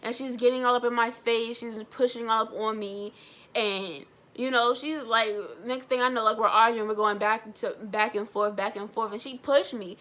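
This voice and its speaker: A young woman vlogger telling a personal story in a blunt, animated way, swearing freely. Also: on the high side, moderate pace. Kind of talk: storytime vlog.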